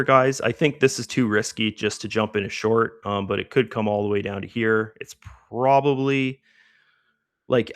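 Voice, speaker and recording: A chatty middle-aged man talks through his trades on a live stream with a lowish voice. He keeps tossing in "right?" as he goes, and the sound is dry and close. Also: fairly bright tone, no echo. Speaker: trading stream host. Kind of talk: live trading commentary.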